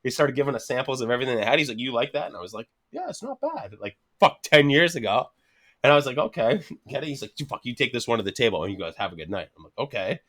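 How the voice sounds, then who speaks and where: His mid-range voice races as this podcast guest, a Canadian in his thirties, relates a story in easygoing conversation. He curses nonstop, laughs while talking, and performs other people's lines with lots of energy.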